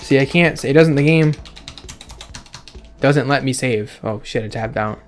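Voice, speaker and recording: A man's voice: medium pitch, a little slow. A man giving casual, sarcastic commentary with frequent swearing as he reacts aloud to a game's dialogue. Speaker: let's play gamer. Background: faint game music.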